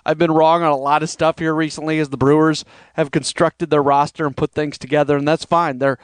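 High, smooth-voiced man hosting a podcast. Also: level tone, a little fast, dry recording. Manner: rambling, conversational, mimics critics' voices. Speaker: podcast host. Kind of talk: solo sports podcast monologue.

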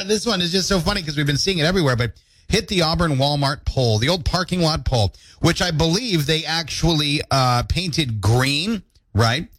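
A man's voice: fairly high pitch, no echo. A man hosting a radio morning show alone, reading listener posts aloud with playful jokes. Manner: playful, animated, jokey delivery. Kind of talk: solo radio host reading listener comments. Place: radio studio. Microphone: studio microphone.

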